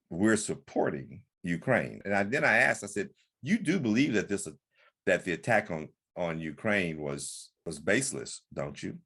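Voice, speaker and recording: A man's voice: low voice, a bit bright. A man co-hosting a podcast, talking politics in an earnest, emphatic way with frequent restarts. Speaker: podcast co-host. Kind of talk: political discussion.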